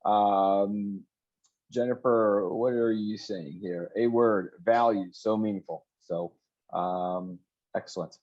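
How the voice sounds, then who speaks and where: A lower-voiced man hosts a casual video-call chat, cheerful and encouraging as he greets the participants. His words tumble out with repeats and fillers. The audio is a little dull and lo-fi, as from a video call. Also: steady tone, slow pace, a little mellow. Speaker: co-host of online talk show.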